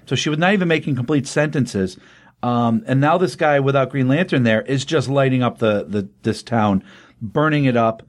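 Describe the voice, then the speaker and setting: A man's voice: mid-range voice, normal speed. A man casually retelling a comic book story, rambling with many ums and restarts and briefly acting out the characters' lines. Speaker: podcast host recapping a comic. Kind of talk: casual spoken recap.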